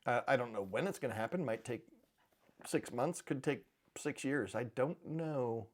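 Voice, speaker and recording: A man's voice: mid-range voice, moderate pace. A middle-aged man hosting a channel on precious metals, chatting casually and rambling with dry, offhand humor. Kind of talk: casual chat to camera.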